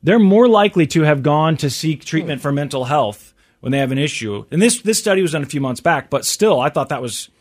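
A man's voice: a little high, animated, a little fast. A male radio host chatting casually and reading out survey figures.

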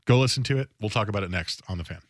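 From a radio studio, a sports talk radio host speaks rapid-fire in a voice on the low side. He's casual and opinionated, often repeating words as he thinks aloud.

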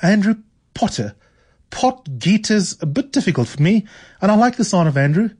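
A man's voice: high-pitched, very animated, normal speed, darkish tone, slightly rough, pitched above the performer's own voice, exaggerated voice. A man reading aloud, voicing a chatty middle-aged Irish landlady with a blunt, gossipy manner and a shaky attempt at an Irish lilt. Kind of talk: reading a novel aloud on radio.

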